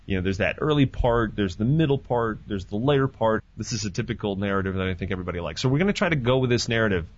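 A man hosting a podcast in casual chat, animated and profane, joking as he talks. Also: on the low side, fast talker. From Canada. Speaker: podcast host. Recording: dull lo-fi dry sound.

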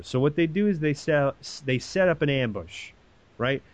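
A man's voice: on the high side, expressive, normal speed, no echo, dull audio. A man casually retelling a story in an irreverent, profane way, acting out the quoted voices. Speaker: podcast host retelling a story.

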